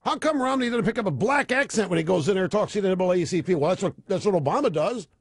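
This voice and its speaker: Man, radio talk host, sarcastic monologue, high lively voice, husky edge, dry close sound. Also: very fast, dry recording. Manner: animated, sarcastic commentary with mocking asides.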